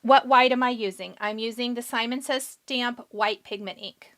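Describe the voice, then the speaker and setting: Hosting a live-stream card-making demonstration, this woman chats easily and fields viewer questions as she crafts, all while hiccupping. She speaks at normal speed in a fairly high voice with fairly even intonation.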